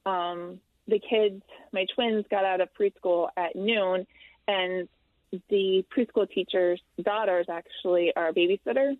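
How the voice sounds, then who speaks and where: A woman in her thirties, a guest in an interview, telling a personal story candidly and haltingly with frequent ums and restarts. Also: medium pitch, steady tone. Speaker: interview guest, military widow. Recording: dry, tinny phone-like line.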